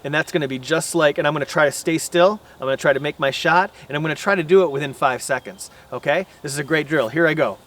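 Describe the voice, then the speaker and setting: A man's voice: a little high, fast, hardly any pauses, fairly bright tone. A man hosting a bowhunting vlog outdoors, explaining in a folksy, rambling way. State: out of breath after running. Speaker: bowhunting channel host. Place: outdoors at an archery range.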